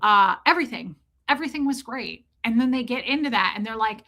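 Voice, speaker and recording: A woman hosting a livestream, telling a comic story in a casual, profane, animated way and calling out viewers in the chat by name. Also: a little high, fairly quick. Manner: animated, profane, ranting, reads chat names aloud. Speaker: livestream host.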